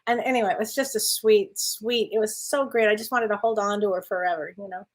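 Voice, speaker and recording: A woman's voice: mid-range voice, steady tone, brisk, rough recording. A woman co-hosting a chat show, sharing dream stories in an enthusiastic, casual way with frequent laughter. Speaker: co-host.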